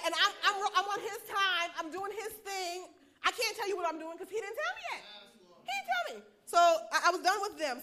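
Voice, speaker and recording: A woman chaplain preaching a personal testimony to a congregation, talking fast and animated and laughing often. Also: extremely high pitch.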